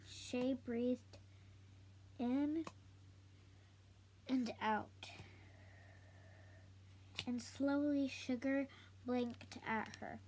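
A woman reading a children's book aloud slowly, halting now and then to correct herself. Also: sits high, steady tone, a little mellow, a little hiss or hum. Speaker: storybook reader.

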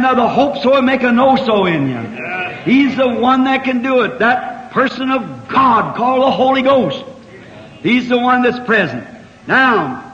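Fervent high-pitched preacher, middle-aged man, old dull tape with long hall reverb. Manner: fervent, swinging from quiet asides to shouted cries. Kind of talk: revival sermon.

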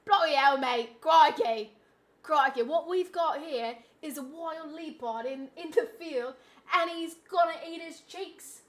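A woman's voice: high-pitched, a little slow, a bit bright. A woman putting on a boisterous Australian wildlife showman with hammy, exaggerated slang.

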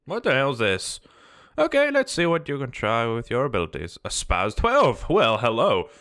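A young man doing let's play commentary on a game, frantic and swearing, yelling at the game as he plays. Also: medium pitch, huge pitch swings, moderate pace. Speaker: gaming video host.

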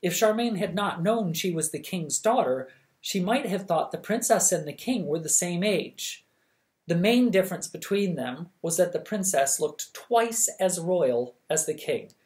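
A reader narrating a children's novel at bedtime, measured and even. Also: mid-range voice. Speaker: audiobook reader. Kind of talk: scripted storybook narration.

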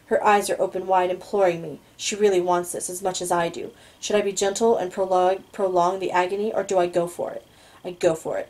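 Woman reading a book out loud, lowish voice, steady and low-key. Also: low-quality recording. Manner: steady, low-key storytelling with occasional stumbles. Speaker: audiobook reader. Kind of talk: first-person novel reading.

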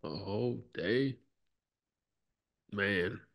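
Low-voiced man, relaxed reflective talk. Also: extremely slow, gravelly. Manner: relaxed, lots of "like" and "you know", trails off softly. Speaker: podcast guest, former basketball player. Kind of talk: reflective conversational interview.

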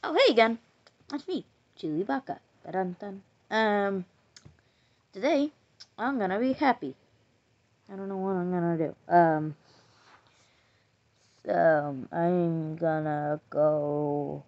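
Slow playful young woman doing her own little cartoon, hums and goofy noises, kinda muffled lo-fi mic. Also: fairly low pitch, darkish tone. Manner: playful, sing-song humming and silly sounds. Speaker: hobby animator voicing all characters. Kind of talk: homemade cartoon voice acting. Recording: dull lo-fi home recording.

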